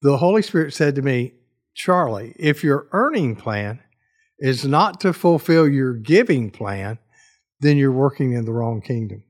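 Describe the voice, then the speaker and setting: A man's voice: mid-range voice, lively intonation, a little slow. A man appearing as a guest author on a faith talk show, speaking earnestly and reflectively. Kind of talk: casual chat.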